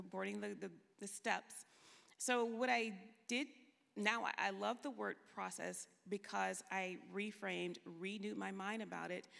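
A woman's voice: medium pitch, creaky, a bit bright. A woman counselor on a panel, speaking earnestly and personally. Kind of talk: panel discussion. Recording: long hall reverb.

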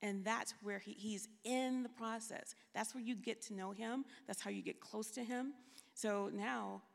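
A woman's voice: a little high, fairly even intonation, measured pace, vocal fry. A woman counselor on a panel, speaking earnestly and personally. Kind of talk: panel discussion. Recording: long hall reverb.

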